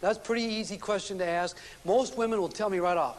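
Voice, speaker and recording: A fast-talking man with a high voice gives a relationship seminar to a live audience, telling folksy anecdotes full of fillers and restarts. The seminar hall adds a long, heavy reverb.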